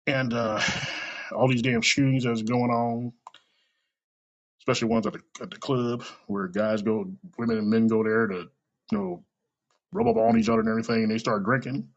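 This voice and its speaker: A man hosting a podcast, talking in a blunt, profane, self-deprecating casual monologue with a gravelly, husky voice. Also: mid-range voice, normal speed, pauses often, muffled recording. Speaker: podcast host.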